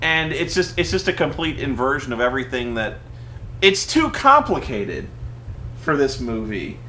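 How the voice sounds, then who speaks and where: A man's voice: medium pitch, sing-song, moderate pace, pushed and bright, roomy sound, slight background noise. A man who is a movie reviewer, chatting casually and animatedly with his brother, stammering and acting out quotes from the film.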